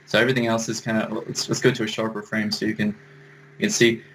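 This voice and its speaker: A man's voice: on the low side, flat delivery, fast talker, fairly bright tone, a little hiss or hum, rough recording. A man giving a casual screen-share compositing tutorial, thinking aloud as he explains each step. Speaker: compositing instructor.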